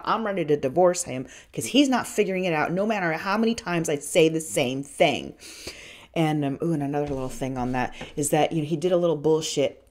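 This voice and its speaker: A middle-aged woman hosting a podcast, telling personal stories in a frank, profane, rambling way. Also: on the low side. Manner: frank and profane, with many restarts and fillers. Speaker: podcast host. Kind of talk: candid personal storytelling.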